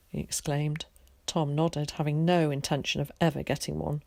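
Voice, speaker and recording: A teacher reading a children's story aloud in a calm, steady way. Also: female voice, deep voice, moderate pace, creaky, no echo.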